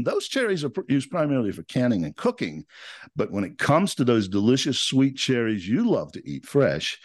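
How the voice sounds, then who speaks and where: A man's voice: medium pitch, no room sound, clean studio sound. A man hosting a podcast, opening in an upbeat announcer style and then chatting with fillers. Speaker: podcast host. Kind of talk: podcast intro and interview.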